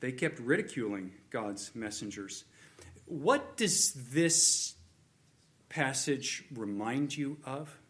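A man's voice: medium pitch, expressive, slow pace, a bit bright. A man preaching a sermon, earnest and repetitive, building emphasis on key points. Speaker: pastor.

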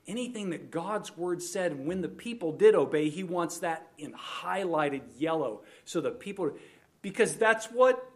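A man preaching an expository sermon, explaining a Bible passage verse by verse and leaning hard on emphasis, at times speaking straight to the children listening. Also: high voice. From United States. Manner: expository, emphatic on scripture, addresses kids directly. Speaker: pastor.

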